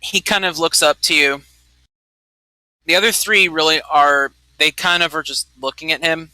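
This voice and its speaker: A man's voice: a little high, fairly even intonation, normal speed, sharp tone, clean tone, dry recording, poor audio. A man narrating as game master of a tabletop game, loosely describing scenes with many fillers.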